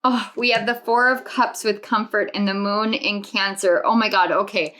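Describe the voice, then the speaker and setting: A woman's voice: mid-range voice, fairly even intonation, moderate pace, pushed and bright. A young adult woman giving an intuitive tarot reading to camera, earnest and reflective, often repeating her phrases. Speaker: tarot reader.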